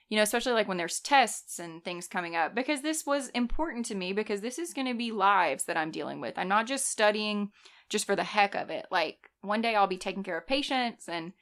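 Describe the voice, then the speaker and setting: A young woman, a nurse telling stories in casual chat, animated and often laughing. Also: mid-range voice. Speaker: guest, nurse.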